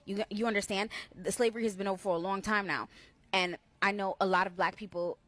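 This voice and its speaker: A woman's voice: mid-range voice, steady tone, fast, fairly bright tone, dry recording. Woman, earnest, explaining, dry sound. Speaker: interviewee in a reacted clip. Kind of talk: casual discussion.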